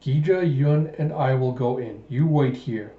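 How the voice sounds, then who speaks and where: A man's voice: medium pitch, unhurried, echoey room, lo-fi sound, lightly acted. A man reading a determined young princess from a manga, earnest and resolute, in his own register.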